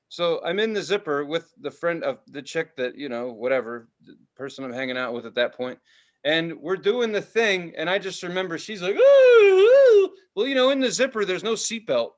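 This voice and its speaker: A man in his thirties, hosting a casual podcast and telling a story with loud voices and plenty of swearing. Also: on the high side. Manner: animated, profane, does loud voices in his stories. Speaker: podcast host.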